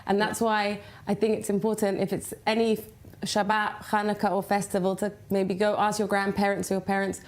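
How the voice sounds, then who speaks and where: A woman's voice: mid-range voice, monotone, brisk. A woman guest in a TV studio, earnestly explaining a traditional dessert. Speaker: podcaster and recipe developer. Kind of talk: studio interview.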